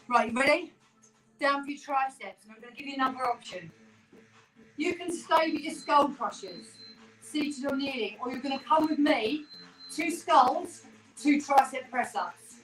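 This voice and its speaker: Woman leading a home workout, high voice, a bit out of breath, roomy sound w faint music. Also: expressive, moderate pace, fairly bright tone, recorded from a distance. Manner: encouraging, chatty, counting reps. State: slightly out of breath. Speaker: fitness instructor. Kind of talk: live home workout coaching. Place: small room in a terraced house. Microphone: no microphone, camera mic from across the room.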